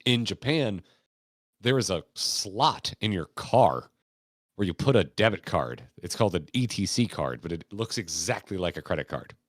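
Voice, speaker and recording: This Florida-based American podcast host has a low voice with lively intonation and talks at a normal speed. His storytelling is rambling and relaxed, peppered with laughter and casual swearing, and the audio is echo-free studio quality.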